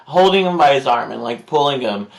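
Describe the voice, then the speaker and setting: A YouTuber with a medium-pitched voice and some vocal fry tells a vlog story a little fast. He rambles with many fillers and animatedly acts out quotes in put-on voices.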